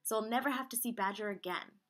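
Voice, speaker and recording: A woman voicing a fussy, huffy female porcupine in a storybook, with prim exclamations delivered high and loud. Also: fast talker. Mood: spiteful.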